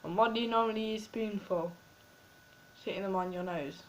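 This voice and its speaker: A woman's voice: mid-range voice, a little fast, rough recording. A woman with an English accent, chatting in a rambling, self-mocking way as she vlogs. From England. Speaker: vlogger. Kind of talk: casual food-tasting vlog.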